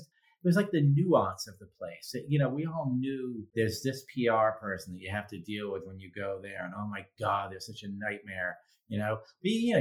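A man, a guest author, telling stories in casual conversation, animated and profane, acting out quotes in mocking voices. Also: medium pitch.

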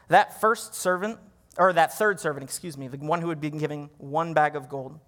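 A man's voice: on the high side, fairly bright tone, big-room sound. A male pastor preaching a sermon in a conversational, self-deprecating way. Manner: conversational, laughs at himself.

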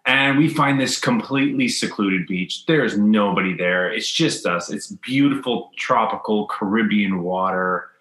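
A man telling a story in casual chat, acting out quotes in a high voice. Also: a little slow, hardly any pauses, fairly bright tone, reverberant, rough recording.

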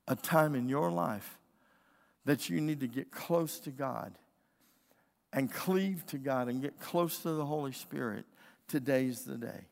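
A man's voice: fairly high pitch, creaky. A middle-aged male pastor preaching a sermon with emphatic storytelling. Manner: emphatic preaching storyteller, acting out quoted voices. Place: church sanctuary. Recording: long reverb of a church hall.

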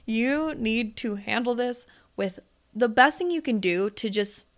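A woman's voice: fairly high pitch, expressive, unhurried. A young woman hosting a podcast, reading out a listener's letter and giving candid advice with lots of swearing and fillers. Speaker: podcast host. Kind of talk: casual advice talk.

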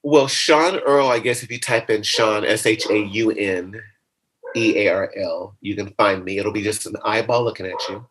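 A man being interviewed in a casual conversation, talking in a playful, animated way that jumps into high comic voices. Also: moderate pace, low-quality recording. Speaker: interview guest.

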